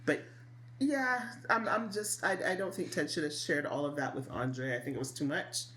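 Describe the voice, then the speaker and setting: A woman co-hosting a casual podcast, giving blunt opinions with expressive delivery and laughter. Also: sits low, normal speed, a little hiss or hum. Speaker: podcast co-host. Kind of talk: casual chat.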